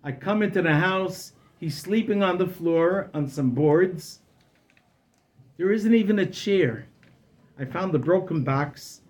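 A man telling a story as a rabbi, with animated narration. His voice sits fairly high for a man and swings between loud and hushed passages. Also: slow pace. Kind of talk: oral storytelling.

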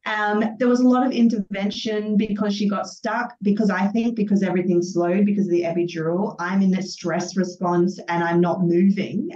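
Woman telling a story, distant and roomy. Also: medium pitch. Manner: animated storytelling, acts out her own quotes. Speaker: podcast guest. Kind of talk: personal birth story. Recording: distant, dull, roomy sound.

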